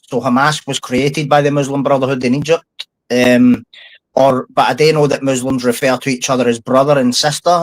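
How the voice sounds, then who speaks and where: A man's voice: medium pitch, dry recording, rough recording. Scottish man, podcast guest, blunt and fired up, swears a lot, dry close sound. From Scotland. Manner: blunt, heated, swears often. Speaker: podcast guest, former prisoner. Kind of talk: casual podcast chat.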